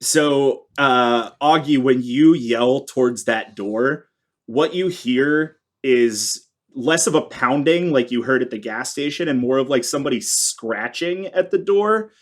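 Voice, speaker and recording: A man running a tabletop game as game master, describing scenes in a relaxed, easygoing way. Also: medium pitch, a little slow.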